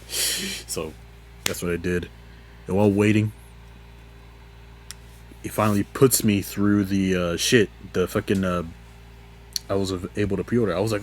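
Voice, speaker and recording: On his casual solo podcast, a young man rambles through a story, swearing a lot and laughing often, his voice jumping high when exasperated. His intonation is otherwise fairly even, his speed normal, with long pauses and a little hiss or hum in the background.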